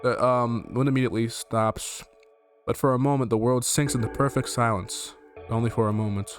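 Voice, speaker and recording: A man's voice: medium pitch, fairly even intonation, moderate pace, soft background music. A man streaming a game from home, reading its text aloud and rambling in jokey, profane asides, easily startled. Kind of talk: casual let's play commentary, reading game text aloud. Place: at home with his dog.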